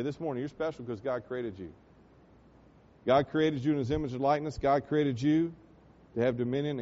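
Man preaching from the pulpit, impassioned, swells to loud peaks, muffled low-fi recording. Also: slight background noise. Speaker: pastor. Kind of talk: sermon. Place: church sanctuary.

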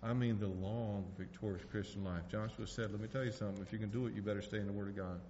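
This is a fast-talking pastor with a steady, warm tone, preaching a folksy, heartfelt sermon that uses "man" and "hey" as it mounts to urgent pleas. His voice sits at an ordinary pitch and rings with the long reverb of a church sanctuary. Underneath, the dull, lo-fi recording carries a faint rumble.

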